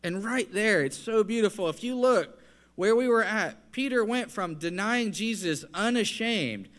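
A man's voice: high voice, expressive, unhurried, fairly bright tone. A man preaching a sermon in an earnest, conversational way, building to emphatic points.

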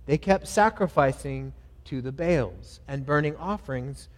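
A man's voice: mid-range voice, animated, measured pace. Earnest male pastor, echoing church. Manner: earnest, reads scripture aloud and leads prayer; builds to louder emphatic phrases, then drops soft. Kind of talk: sermon. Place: church sanctuary. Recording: long hall reverb.

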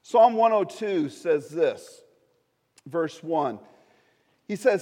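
A man preaching a sermon as a pastor, swinging from loud pleading to hushed storytelling. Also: fairly high pitch, lively intonation, very slow, long pauses, big-room sound.

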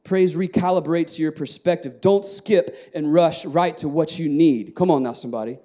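A man with a high voice preaching to his church, his tone mellow and warm. He shifts between soft, hushed prayer and lively, shouted praise. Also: moderate pace, few pauses. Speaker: pastor. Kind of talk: sermon.

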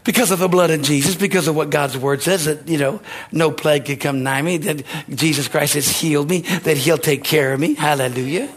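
Husky, high-voiced preaching man. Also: a little fast. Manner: rousing, call-and-response preaching. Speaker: pastor. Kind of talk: sermon.

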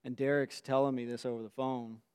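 A man's voice: mid-range voice, level tone, a little fast, a little mellow, smooth. A man in his forties, telling a personal story in an earnest, emotional way.

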